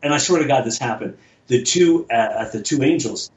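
A man's voice: medium pitch, fairly quick. Guy rambling through a wild story, lots of restarts, does little voices, echoey room, kinda muffled lo-fi sound. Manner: acts out the voices in his story. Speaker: guest telling a personal story. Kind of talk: casual storytelling chat. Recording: echoey, dull lo-fi audio.

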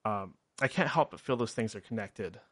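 A man's voice: lowish voice, lively intonation, moderate pace, a bit bright, no echo, studio quality. A man hosting a conversation, speaking hesitantly with frequent fillers and restarts. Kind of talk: casual conversation.

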